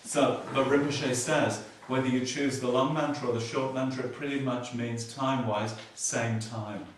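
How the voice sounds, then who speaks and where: A man's voice: mid-range voice, steady tone, a little hiss or hum. Male Buddhist teacher, patient and repetitive with dry jokes, recorded far off in a very echoey hall. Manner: explains slowly, repeats key words, dry humor. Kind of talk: dharma teaching. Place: meditation hall.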